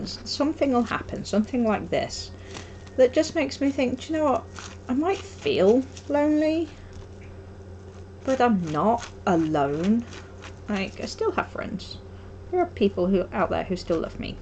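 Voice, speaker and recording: Young woman, craft streamer, lively sing-song rambling chat, self-deprecating. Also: mid-range voice, slight background noise. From Wolverhampton, England. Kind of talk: casual chat while crafting.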